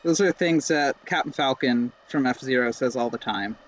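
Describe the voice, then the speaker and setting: A man's voice: mid-range voice, normal speed, dull audio, slight background noise. A young man streaming live gameplay, rambling with self-mocking jokes and sudden yelps.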